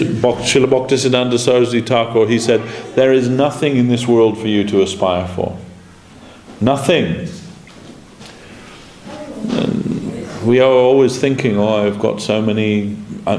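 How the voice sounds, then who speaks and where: Man, low voice, devotional class, anecdotal storytelling, echoey lecture room, faint noise. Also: steady tone, a little slow, vocal fry, darkish tone. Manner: storytelling, acts out quoted dialogue, chuckles. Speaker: spiritual teacher giving a class.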